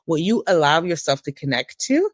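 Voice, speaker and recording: A woman in her thirties giving a candid personal testimony as an interview guest, with emotional, preacher-like rises in pitch. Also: big pitch swings, a little fast, no room sound, studio quality.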